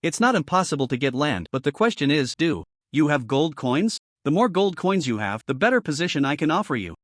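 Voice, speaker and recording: Sly haggling city lord voiced by a man, playful and unhurried, dry sound. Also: fairly high pitch, very animated, no room sound. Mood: teasing.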